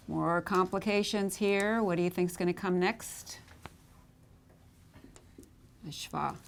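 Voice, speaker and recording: A woman teaching Hebrew vowels at a board, patiently repeating each sound and checking in with "okay?". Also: mid-range voice. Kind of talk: whiteboard lesson.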